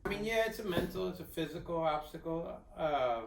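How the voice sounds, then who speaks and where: A man's voice: a little high, a little fast, creaky. Joking guy telling a story, echoey room, kinda far from the mic. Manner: playful, joking, acts out quotes. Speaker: co-host. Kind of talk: casual storytelling chat.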